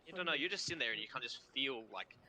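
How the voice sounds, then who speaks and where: A young Australian man narrating as game master over an online call, halting with frequent fillers. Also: mid-range voice, animated, vocal fry, a crowd in the background, poor audio. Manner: halting, full of ums and kind-ofs.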